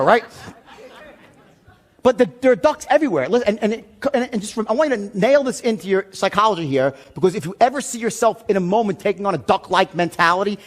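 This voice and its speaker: A man telling a story in a seminar talk, animated and profane, often shouting as he acts out the scene. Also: high voice. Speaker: sales trainer.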